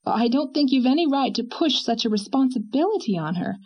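A woman's voice: high voice, lively intonation, brisk, lo-fi sound, voice pushed up. A woman voicing a vehement young wife. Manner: vehement, pleading. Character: spirited young wife, passionate and protective.

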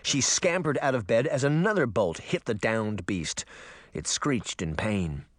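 Expressive man reading an audiobook. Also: medium pitch, a little slow, no room sound, clean studio sound. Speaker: narrator.

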